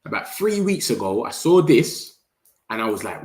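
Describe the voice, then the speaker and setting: A man, talking excitably in slang as a football fan streamer and reacting to his chat. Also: on the low side, normal speed. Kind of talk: casual livestream commentary. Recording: roomy echo.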